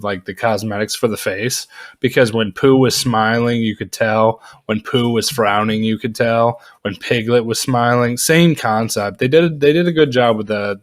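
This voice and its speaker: A man giving a casual, rambling movie review full of fillers and asides. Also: medium pitch. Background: dogs at home.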